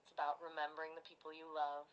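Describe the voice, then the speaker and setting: A woman's voice: low voice, completely flat delivery, quick pace, dull audio. A woman's voice from an AI chat companion. It gives polished, scripted-sounding replies full of effusive, theatrical praise.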